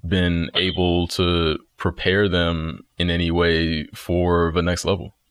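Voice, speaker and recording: A man's voice: low voice, completely flat delivery, slow, fairly bright tone, smooth, no echo. A man interviewing a coach, asking questions with casual, searching phrasing.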